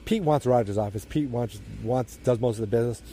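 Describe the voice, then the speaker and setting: A man's voice: a little fast, dark tone, a little hiss or hum. A man casually retelling a TV episode outdoors, rambling and acting out the characters' lines with jumps in his voice. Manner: rambling, acts out quoted lines with jumps in pitch. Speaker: TV episode recapper. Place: outdoors near turning-on sprinklers.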